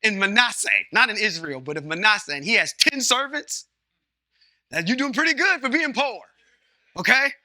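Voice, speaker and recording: Male Bible study teacher, high and sharp-toned, chatty and folksy, keeps checking in with the class. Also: expressive, moderate pace, no room sound, clean studio sound. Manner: conversational, asks the class questions, checks in with "Okay?"; uses folksy everyday comparisons. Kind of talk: informal scripture teaching.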